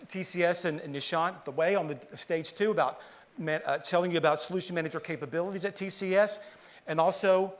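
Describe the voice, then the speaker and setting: A man from the southern US with a light Southern twang and a slightly high voice. He presents to a conference audience on stage in a relaxed, conversational way, restarting sentences as he explains. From southern United States. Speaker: partner manager presenting at a conference.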